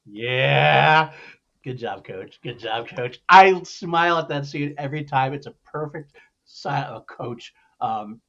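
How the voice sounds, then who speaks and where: A man fondly retells a favorite film moment and acts out the characters' lines. His pitch is ordinary, and his voice comes through slightly muffled and lo-fi. The tone is relaxed podcast chat. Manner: fond, retells scenes with quoted lines. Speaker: podcast co-host. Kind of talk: casual chat.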